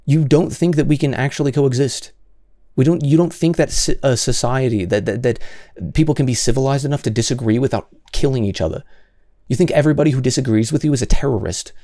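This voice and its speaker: A man's voice: medium pitch, quick pace, mellow, no room sound, studio quality. A man hosting solo commentary, answering comments in an exasperated, sarcastic way with many stammered restarts.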